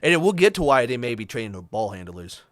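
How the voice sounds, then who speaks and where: A man co-hosting a podcast, walking through the trades in a casual chat with fillers and quick asides. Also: mid-range voice, big pitch swings, fairly bright tone, dry recording. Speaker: podcast co-host.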